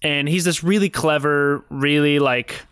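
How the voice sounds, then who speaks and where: A man's voice: on the high side, a little slow, smooth, no echo, clean studio sound. A man co-hosting a podcast, joking and telling stories in casual chat about a video game. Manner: joking, animated storytelling. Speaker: podcast co-host.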